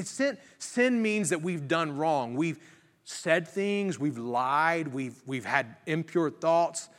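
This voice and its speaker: A man's voice: sits high, a bit bright. A man, a pastor, telling a story in earnest sermon style, growing more emphatic as he preaches. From Virginia. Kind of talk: sermon testimony. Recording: reverberant hall.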